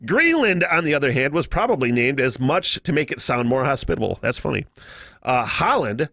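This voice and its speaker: A man's voice: mid-range voice, very animated, moderate pace, bright, forceful tone, dry recording. An American man hosting a casual solo podcast, profane and laughing often, on a close mic. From United States. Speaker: podcast host.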